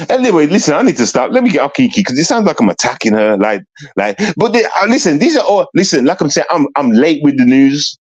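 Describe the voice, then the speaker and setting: A man's voice: a little high, very animated, quick pace, breathy edge. A man ranting bluntly and confrontationally into the camera, repeating himself for emphasis. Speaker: vlogger. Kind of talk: ranting commentary.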